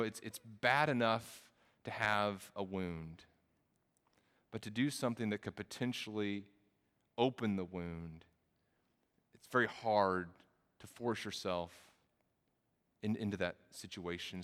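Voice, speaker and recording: A man's voice: lowish voice, fairly bright tone, smooth, in a large hall. A man preaching a sermon, telling a story and then building to emphatic preaching. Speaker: pastor.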